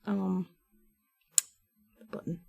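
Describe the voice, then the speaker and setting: A woman's voice: slow, warm tone, lo-fi sound. A woman chatting loosely and rambling between topics while she crafts on a live stream. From United States. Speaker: art streamer.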